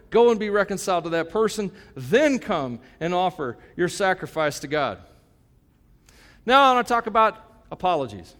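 Joking pastor preaching in an echoing hall. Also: male voice, high voice, fairly bright tone. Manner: conversational, joking, emphatic preaching. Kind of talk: sermon. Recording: long hall reverb.

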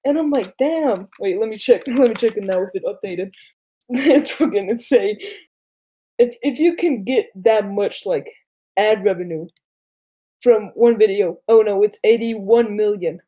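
A man's voice: high voice, a little slow, warm tone. A teenage guy from Denmark co-hosting a podcast, chatting loosely, giggling and swearing often. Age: teens. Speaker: podcast co-host. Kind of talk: casual chat.

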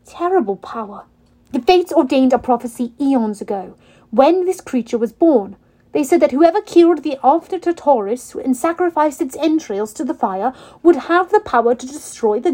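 A woman's voice: high-pitched, expressive, normal speed, warm tone. A woman voicing a young huntress who speaks in a solemn, old-fashioned way.

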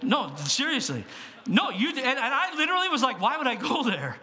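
A man preaching as pastor in a church, telling stories with animated swings between hushed asides and loud bursts. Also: very high voice, a little fast. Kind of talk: sermon.

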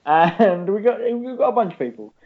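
A man's voice: sits high, very animated, normal speed. Rambling, swearing man on a podcast. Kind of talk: casual chat. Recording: dull lo-fi sound.

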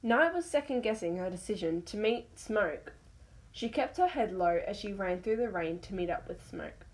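A woman's voice: medium pitch, lively intonation, moderate pace, darkish tone, rough recording. A woman reading her own animal story aloud, stumbling over words now and then.

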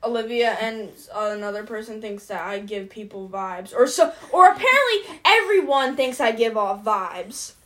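18 yo girl chatting w her friend, kinda high voice, slangy, mumbles words together, laughs a lot. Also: animated, moderate pace, few pauses, fairly bright tone. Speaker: podcast co-host. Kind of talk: casual chat.

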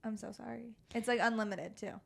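A woman's voice: fairly high pitch, fairly even intonation, a little fast, gravelly, a crowd in the background. Young woman co-host, upbeat teasing chat with casual swearing. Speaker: podcast co-host.

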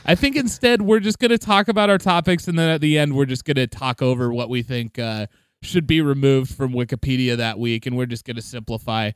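A man's voice: medium pitch, brisk, smooth, no echo, studio quality. A man co-hosting a podcast in casual chat, laughing often and slipping into playful put-on accents. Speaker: podcast co-host.

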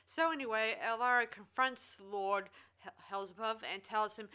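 A woman's voice: fairly high pitch, a little slow, pushed and bright, clear, resonant tone. A woman casually retelling a movie plot step by step, with lots of ums.

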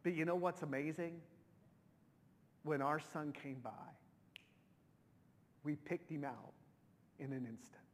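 A middle-aged pastor tells a personal story in a sermon, emotional and conversational, restarting often. His voice is fairly high, his pace slow with frequent pauses. The recording has long hall reverb and a little hiss or hum.

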